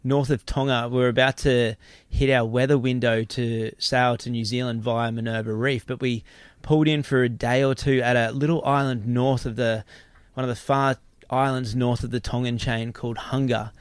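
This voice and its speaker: A man's voice: mid-range voice, little pitch movement, moderate pace, clean tone, no room sound. Young guy rambling thru a story on his podcast, repeats himself, dry close sound. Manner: rambling, repeats words while telling a story. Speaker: podcast host. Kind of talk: casual storytelling chat.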